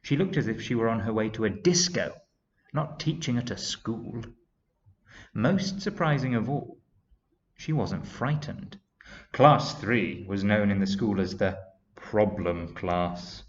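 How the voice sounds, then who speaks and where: A man reading a children's chapter book aloud to young pupils. He speaks slowly, with lively, animated rises and falls in pitch. The recording is dull and lo-fi. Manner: slow, expressive storytelling. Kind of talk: children's story read-aloud. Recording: dull lo-fi sound.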